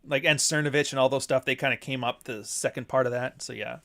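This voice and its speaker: An author chats casually on his own livestream, his voice at an ordinary male pitch. He tells stories in an animated, profane way and keeps breaking into laughter. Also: fast, vocal fry. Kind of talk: casual livestream chat reading super chats.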